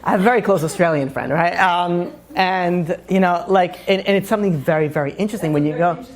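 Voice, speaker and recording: Rambling, joking New rabbi. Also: male voice, high-pitched. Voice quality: rambling, full of "you know" and "like" fillers. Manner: wry self-mocking humor with quick asides. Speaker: rabbi teaching a class. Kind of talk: casual joking lecture.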